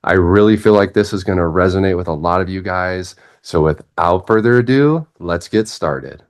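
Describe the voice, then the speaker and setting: A man's voice: low-pitched, normal speed. A man hosting an interview podcast, introducing his guest and asking questions in a casual, friendly way. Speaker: podcast host.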